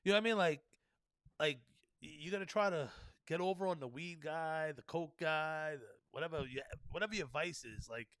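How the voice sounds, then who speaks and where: A man's voice: on the high side, brisk, fairly bright tone, dry recording. A young man, hosting a solo podcast and ranting profanely, peppering his talk with "you know what I mean". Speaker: podcast host.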